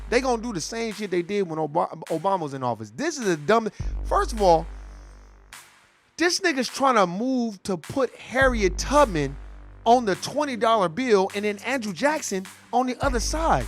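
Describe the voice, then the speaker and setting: A man's voice: high voice, expressive, normal speed, a bit bright, soft background music. A man delivering a profane, heated political rant in street slang. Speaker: commentator.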